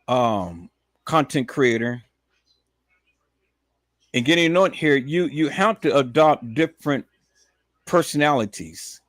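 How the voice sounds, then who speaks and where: Emphatic man streaming, swings to shouting. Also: no echo. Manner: preachy, repetitive, addresses viewers as peoples; swings from low muttering to loud emphatic shouting. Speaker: live stream host. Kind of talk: live stream monologue.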